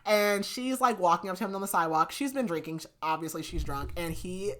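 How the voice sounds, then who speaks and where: A woman's voice: fairly low pitch, expressive, brisk, fairly bright tone. A woman hosting a book podcast, recapping the plot in a casual, chatty way, saying "like" a lot and laughing often. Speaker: podcast host reviewing books. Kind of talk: casual chat.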